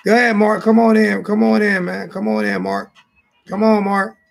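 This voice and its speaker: A man's voice: sits high, normal speed, vocal fry, faint music behind. A man hosting a casual fan call-in show in a Southern US accent, loose and repetitive, often restarting his sentences.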